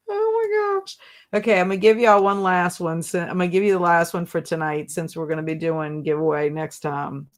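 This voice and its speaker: A woman hosting a casual book livestream, reading viewer comments aloud and laughing often. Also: fairly low pitch. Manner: giggly, chatty, laughs often at viewer jokes. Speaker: booktube livestream host.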